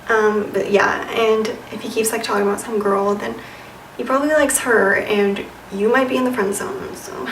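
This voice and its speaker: A woman's voice: mid-range voice, steady tone, moderate pace, distant mic, slight background noise. A young woman giving casual dating advice to camera, sassy and chatty, with lots of "like" and "you know". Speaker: vlogger. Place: room with a white wall. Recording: echoey room, voice a bit off-mic.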